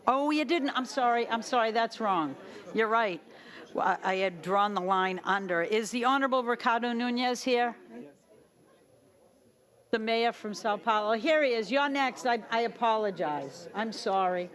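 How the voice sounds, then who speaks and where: A woman's voice: a little high, moderate pace, fairly bright tone. Chatty woman moderating a conference. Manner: chatty, self-deprecating, apologetic. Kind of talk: casual event moderation. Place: conference hall.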